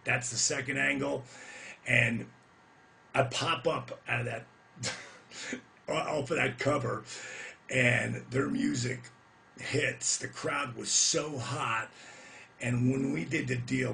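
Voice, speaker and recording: A middle-aged man, a retired pro wrestler, telling his own career stories in a casual, animated and profane rant that gets loud as he relives big moments. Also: medium pitch, slow, creaky, slight background noise.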